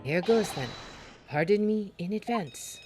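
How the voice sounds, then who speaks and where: Give me a courteous male professor, voiced by a woman with an animated pitch. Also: a little slow, soft background music, lightly acted. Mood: polite. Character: polite male professor assistant.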